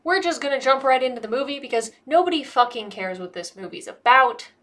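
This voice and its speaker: A woman's voice: high-pitched, animated, fairly quick, fairly bright tone. An American woman giving a casual comedic movie review, sarcastic and profane, rambling and a bit tipsy. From United States.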